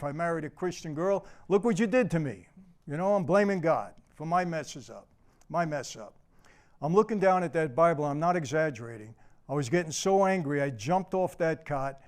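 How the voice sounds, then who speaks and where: A man's voice: a little high, darkish tone. Earnest older man telling his story. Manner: earnest storyteller, addresses the audience as people. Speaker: motivational speaker. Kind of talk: personal testimony talk.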